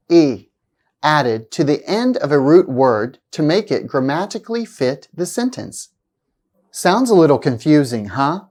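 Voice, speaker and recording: Brief: woman pronunciation teacher, low-pitched, very slow and deliberate, exaggerated word stress. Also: darkish tone. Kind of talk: scripted pronunciation lesson.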